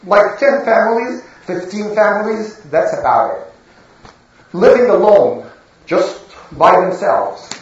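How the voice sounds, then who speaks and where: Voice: mid-range voice, expressive, slow. A religious storyteller telling a lesson to children and asking the listeners questions. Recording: echoey room, far from mic, dull.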